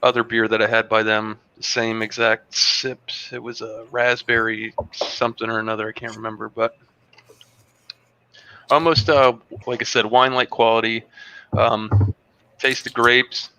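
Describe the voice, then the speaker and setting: Bright-voiced man reviewing beer and cheese. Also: medium pitch, a little slow, clear, resonant tone, highs cut off. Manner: relaxed, rambling tasting notes with fillers. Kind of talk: casual tasting review on a video call. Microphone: video call.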